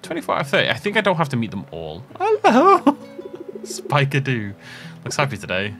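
A man's voice: mid-range voice, huge pitch swings, very fast, bright, forceful tone, faint music behind. A man hosting a let's play, commenting casually on a farming game with rambling, self-interrupting asides and chuckles.

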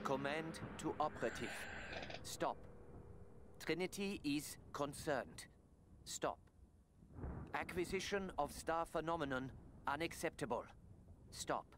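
A man's voice: fairly high pitch, takes it slowly, pauses often. A man voicing a stern commander in a video game, reading a coded order in clipped telegram fashion over a noisy capture. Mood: commanding. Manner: clipped telegram-style, saying stop after each sentence. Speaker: in-game audio message voice.

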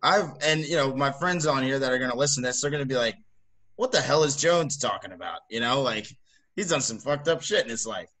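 A man co-hosting a podcast, talking in a relaxed, rambling way full of "like" and "you know". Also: medium pitch, fast talker. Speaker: podcast co-host. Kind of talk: casual chat.

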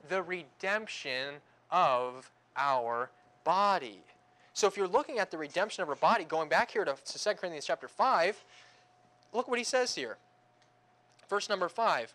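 Bright-voiced young man preaching casually. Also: a little high, lively intonation, moderate pace. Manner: conversational, joking asides, acts out groans. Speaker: pastor. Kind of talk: sermon.

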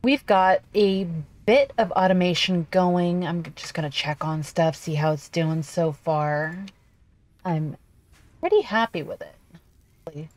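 Chatty, lower-pitched woman gamer. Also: takes it slowly. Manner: chatty, excitable, talks to herself while playing. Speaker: gaming video host. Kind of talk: casual gameplay commentary.

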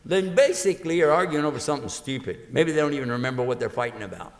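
A man's voice: fairly high pitch, expressive, fast. A man preaching to an audience in a lecture, acting out little dialogues and quizzing his listeners. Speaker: Islamic preacher giving a lecture. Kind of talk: lively religious lecture to an audience. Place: large university lecture hall. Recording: long reverb of a lecture hall.

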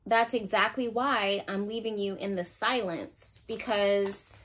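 A woman giving an intuitive pick-a-card tarot reading, speaking emotionally and thinking aloud as she turns cards, with sudden bursts of excitement. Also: mid-range voice, unhurried.

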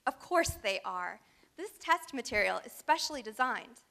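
A woman's voice: a little high, lively intonation, normal speed, gravelly, bright, forceful tone, heavily acted. A woman reading aloud and voicing a gleeful female sphinx monster who acts like a cheery test proctor, in a sing-song quizmaster tone. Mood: smug.

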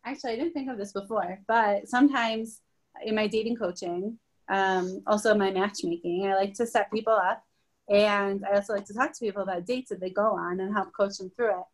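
A woman's voice: medium pitch, steady tone, fairly quick. A woman in her thirties co-hosts a casual podcast and talks easily with frequent laughter. She works as a dating coach and often adds reflective asides in a mid-range voice. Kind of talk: casual conversation.

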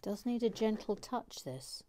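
Chatty woman, quietly building. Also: medium pitch, animated, measured pace, a little hiss or hum. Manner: chatty and self-mocking, drops to a whisper while concentrating. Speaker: host of a building stream. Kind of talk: casual chat while building and reading viewer comments.

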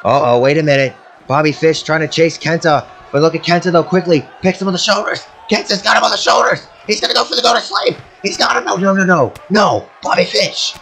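A man doing excitable play-by-play commentary over a wrestling video game, often shouting at big moves. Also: sits high, brisk, vocal fry, faint music behind, low-quality recording. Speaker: amateur commentator.

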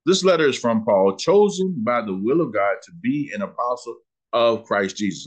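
A man, teaching a Bible lesson in sermon style, asking questions and slowing down to read scripture. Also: medium pitch, expressive. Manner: preacherly, asks questions and answers them, slows down on scripture.

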